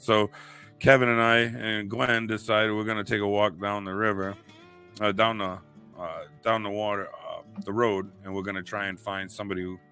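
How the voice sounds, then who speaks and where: Deep-voiced man telling a lively story. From New England. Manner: animated storyteller, acts out quotes. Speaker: podcast co-host. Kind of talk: casual storytelling chat.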